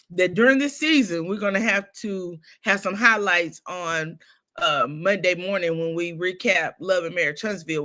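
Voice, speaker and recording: A woman hosting a casual gossip livestream, telling stories in a lively way with laughs. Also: lowish voice. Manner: animated storytelling with laughs. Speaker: show host.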